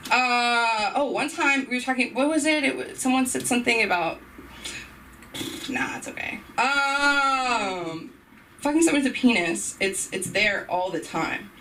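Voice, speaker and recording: A young woman doing a rambling stand-up set on a club stage, breaking off into loud impressions. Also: fairly high pitch, expressive, a little slow, recorded from a distance, slight background noise, rough recording. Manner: rambling, self-interrupting, bursts into shouted impressions. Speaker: stand-up comedian.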